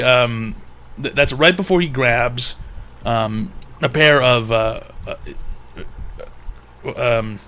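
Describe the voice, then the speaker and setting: Bright-voiced man ranting at chat. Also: mid-range voice. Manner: crude, mocking, rambling. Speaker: livestream advice show host. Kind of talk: profane comedic rant to chat.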